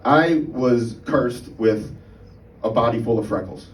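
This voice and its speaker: Here a medium-pitched man delivers a stand-up set at a slow pace, swearing freely in a chatty style and checking in with "right?" again and again. He's on a club stage using a stand-mounted mic, recorded from a distance in a reverberant room with noise behind him.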